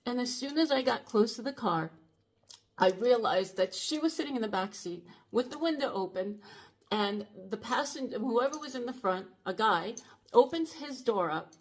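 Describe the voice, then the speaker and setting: Earnest, halting woman around sixty. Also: a little high, lively intonation. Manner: earnest, urgent, halting with frequent restarts. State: emotional, shaken. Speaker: channel host. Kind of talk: personal storytelling to camera.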